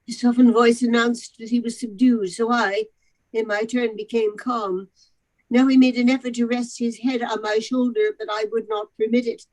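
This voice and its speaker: A woman narrating a novel aloud, expressive, with occasional stumbles over the words. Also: a little high, normal speed, rough recording. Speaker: narrator in a charity readathon.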